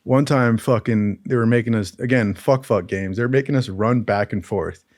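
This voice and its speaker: A man's voice: on the low side, normal speed, a little mellow, dry recording. A man casually telling crude, profane stories from his military training, with a laid-back manner and lots of "dude". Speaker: storyteller recalling military training.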